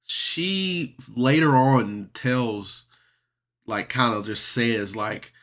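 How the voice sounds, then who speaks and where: Slow, bright-voiced man reviewing casually. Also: medium pitch, lively intonation. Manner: rambling, chatty, often laughs. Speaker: podcast reviewer.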